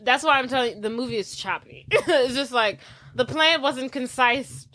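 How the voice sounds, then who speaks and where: High bright-voiced woman co-hosting a movie podcast, exasperated, laughing a lot. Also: normal speed. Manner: exasperated, laughing, acts out characters' lines. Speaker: podcast co-host. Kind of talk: casual movie-recap chat.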